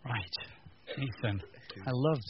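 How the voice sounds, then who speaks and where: A man from the north of England giving a humorous teaching talk to a live audience, animated and jokey, acting out little scenes. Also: mid-range voice, slow, muffled recording, background noise. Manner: animated, jokey, acts out voices, stammering restarts. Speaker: preacher.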